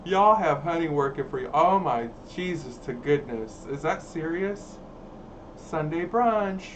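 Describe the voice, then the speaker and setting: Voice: mid-range voice, expressive, unhurried, distant mic, slight background noise. Sassy livestream host, set back from the mic. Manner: sassy, dramatic, campy. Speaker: livestream host reading viewer chat. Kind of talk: casual livestream chat.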